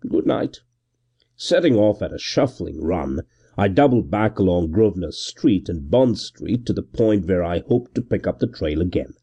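A man narrating a period novel in the first person, with a measured, expressive reading. His voice sits low and mellow with a husky grain, and his pitch moves in a lively, animated way. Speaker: audiobook narrator.

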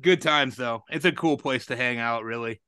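A man's voice: mid-range voice, normal speed, bright, forceful tone, smooth, no room sound. A man in his forties telling a rambling anecdote in casual podcast chat. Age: 40s. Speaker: podcast storyteller.

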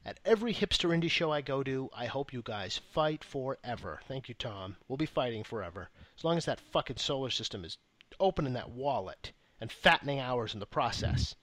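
A man's voice: mid-range voice, animated, brisk, a bit bright, no echo. A man co-hosting a podcast, reading listener letters aloud in a wry, profane, mock-reverent casual chat. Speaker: podcast co-host.

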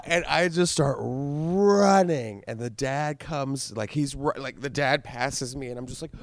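A young man casually telling a story, lively and acting out the voices of the people in it. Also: medium pitch, a little slow, hardly any pauses, a little hiss or hum. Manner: animated, acts out voices in his stories.

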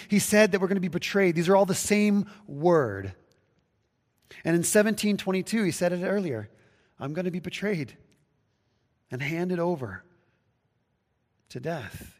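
A pastor giving a conversational sermon, with restarts and acted-out quotes. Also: male voice, high-pitched, long reverb tail. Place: church sanctuary, livestreamed.

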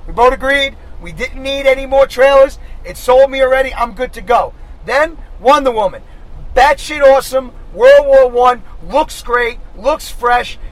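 A man co-hosting a podcast, talking in an animated, blunt and profane way while riding in a car. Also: very high voice, unhurried, poor audio. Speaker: podcast co-host. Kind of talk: casual chat. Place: inside a moving car.

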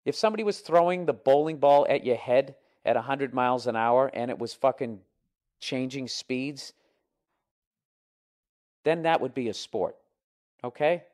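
A man holds forth on his comedy podcast in a profane, combative rant. He works himself up into loud bursts, then drops into low, mumbled asides. His voice sits in an ordinary middle pitch. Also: lively intonation, normal speed, long pauses. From United States. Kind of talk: ranting comedy podcast, reading listener emails.

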